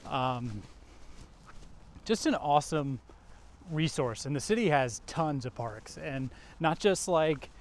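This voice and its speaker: A man's voice: a little high, lively intonation, slow, pauses often, a little hiss or hum. Chatty man giving an outdoor tour. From Rock Hill area, South Carolina. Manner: easygoing, chatty, lots of fillers. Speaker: vlog host, local realtor-style guide. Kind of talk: casual walking tour vlog. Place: outdoors in a park and shopping plaza.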